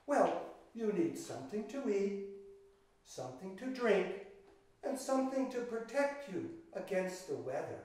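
A man's voice: high-pitched, very animated, moderate pace, darkish tone. An older man telling a children's story in a dramatic way, with gasps and sung chants, and speaking directly to the young listeners. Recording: echoey room, from far off the mic.

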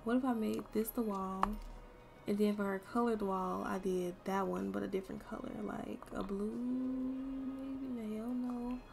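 A young woman streaming a game, chatting casually to her viewers and swearing freely as she thinks out loud. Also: mid-range voice, flat delivery, unhurried, vocal fry, faint music behind. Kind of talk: casual gameplay commentary.

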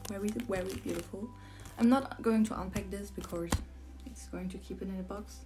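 A young woman from Germany, whose first language is German, gushing with breathless excitement as she unboxes a model horse for her vlog and repeats herself often. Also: mid-range voice, normal speed, music in the background. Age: young adult. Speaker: model horse collector vlogger.

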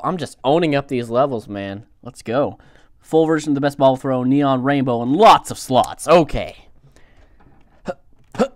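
A young man hosting a gaming channel, reacting excitably to the game with yelps and groans. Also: medium pitch, slight background noise. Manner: excitable, frequent outbursts and groans. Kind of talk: game commentary.

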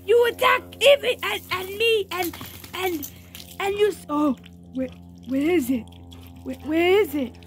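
A woman voicing a playful, boastful pet dog battling water, speaking in excited, stammering baby-talk for a home video. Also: very high-pitched, unhurried, long pauses.

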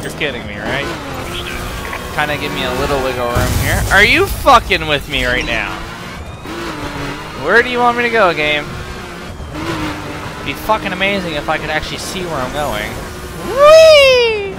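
Young man, gaming commentary, angry cursing, high-pitched, wildly swinging voice, game music behind. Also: lively intonation, normal speed, long pauses. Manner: angry, profane ranting at the game; shouts and yelps in sudden high bursts. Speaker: gaming YouTuber. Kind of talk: let's play commentary. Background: game music and car engine sounds.

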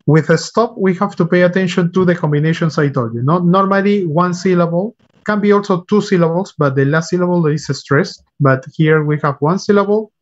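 This native Spanish speaker's voice sits high and moves a little fast as he teaches English online, patiently repeating words and spelling them out. He uses a computer mic on a video call, and the highs are cut off.

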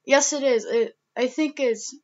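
A woman's voice: high voice, a little slow, darkish tone, muffled recording. A young woman vlogging casually, rambling with lots of "like" and restarts, emotional and close to tears. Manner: rambling, heavy use of "like", many restarts. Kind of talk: casual vlog talk.

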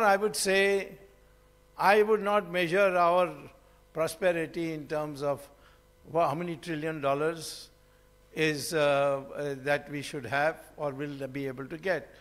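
A man's voice: a little high, unhurried. A man giving a public lecture, rambling through stories with fillers and restarts. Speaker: public speaker. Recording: hall reverb.

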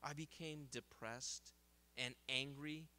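A middle-aged man, an optometrist, speaking at a seminar in a lively storytelling way and laughing at his own jokes. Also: mid-range voice, slow. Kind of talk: seminar talk with anecdotes. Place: seminar hall.

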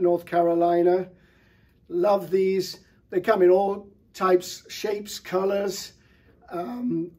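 A middle-aged man presenting flowers in an enthusiastic, relaxed showcase talk, with frequent fillers. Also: high voice, slightly rough. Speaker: florist presenter.

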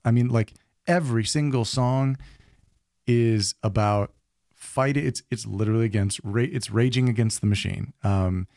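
Low voiced guy rambling on a podcast, lots of ums and likes, dry close sound. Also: normal speed, creaky, darkish tone, no echo. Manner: rambling, many fillers and restarts. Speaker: podcast co-host. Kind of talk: casual chat.

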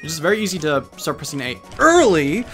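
Chatty guy playing a party game, kinda high voice, rambling and joking, faint game music. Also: very animated, fairly quick, fairly bright tone. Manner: rambling, chatty, jokey, breaks into silly voices. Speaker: let's play gamer. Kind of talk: casual game commentary.

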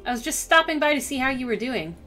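A woman's voice: high-pitched, expressive, quick pace, bright, forceful tone, soft background music. A woman reading as a stern small-town cop. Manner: ominous, warning.

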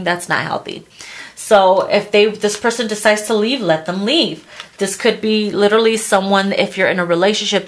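A woman doing a casual tarot reading, blunt and crude, laughing often and acting out what people say. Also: on the low side. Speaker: tarot reader.

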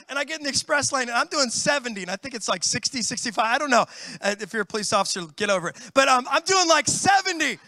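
A middle-aged man preaching a sermon as pastor, telling lively stories and calling out to his congregation. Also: extremely high pitch, a little fast, dry recording. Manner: animated storytelling, calls out to the congregation. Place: church.

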